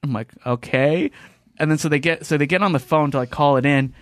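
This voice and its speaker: A man talks fast and animatedly as the host of a casual studio chat, slipping into the voices of the people in his story. His voice sits a bit high for a man. The sound is close and dry, with no room echo. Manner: animated storyteller, acts out quotes. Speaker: podcast host. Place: podcast studio.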